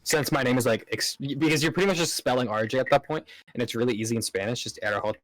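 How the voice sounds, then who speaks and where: A man's voice: medium pitch, racing, fairly bright tone, no room sound, rough recording. A man guesting on a casual podcast, laid-back and swearing casually.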